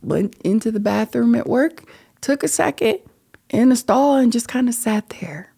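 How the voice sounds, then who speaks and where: A woman's voice: fairly high pitch, expressive, normal speed, gravelly, dark tone, husky. A middle-aged woman hosting a podcast, talking through personal feelings in an earnest, emotional way that often drops to a whisper. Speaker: podcast host. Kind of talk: personal reflective monologue.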